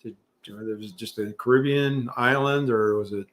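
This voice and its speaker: A middle-aged man hosting a relaxed live chat, drifting from thought to thought with plenty of ums and restarts. His voice sits at an ordinary middle pitch for a man, and he pokes fun at himself as he goes. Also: normal speed. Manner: rambling, many fillers and restarts, self-deprecating. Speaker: livestream host. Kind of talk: casual live chat reading viewer comments.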